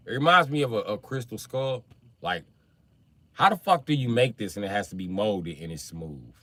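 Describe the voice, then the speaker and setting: Cussing guy rambling on a live stream, low voice but real forceful. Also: big pitch swings, normal speed. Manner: profane, rambling, loud outbursts. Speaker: livestream host. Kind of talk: casual livestream chat.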